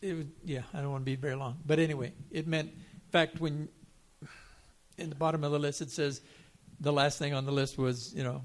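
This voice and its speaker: An older man, a panel guest in a church, speaking earnestly and haltingly about his faith. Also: fairly high pitch, steady tone. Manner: earnest, halting, self-deprecating. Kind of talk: personal testimony.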